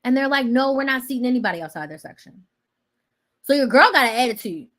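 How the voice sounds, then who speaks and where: A woman hosting a casual chat, telling a personal story in a dramatic way that swings between loud outbursts and quiet asides. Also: high voice, lively intonation, fast talker. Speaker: host.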